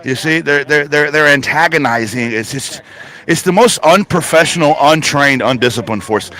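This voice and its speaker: Reporting live from a protest site in a remote interview, a man speaks urgently, emphatically and bluntly, swearing freely. His voice is on the high side and sharp, at a moderate pace.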